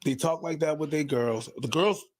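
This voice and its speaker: A man's voice: fairly high pitch, moderate pace. A man chatting casually and joking, putting on voices when he quotes people. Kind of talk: casual chat.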